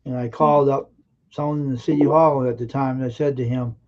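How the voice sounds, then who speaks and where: A man with a dark, mellow voice tells stories on a live stream, earnest and emphatic, often pausing and restarting his sentences. The audio is dull and lo-fi. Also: mid-range voice, fairly even intonation. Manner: earnest, emphatic anecdote-telling with halting restarts. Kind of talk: casual storytelling on a live stream.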